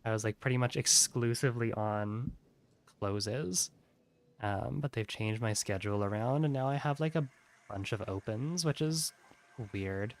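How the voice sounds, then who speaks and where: A man's voice: medium pitch, a little slow. A tired man chatting casually while streaming a game, yawning often and rambling with lots of "like". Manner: rambling, heavy use of "like". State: sleepy, yawning.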